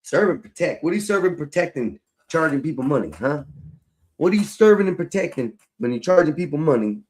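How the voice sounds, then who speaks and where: A livestreamer at home, fixing his hair on camera, chats casually with his viewers, calling them y'all in a loose, profane, rambling way. His voice is a little high and sing-song, fairly quick, with a darkish tone.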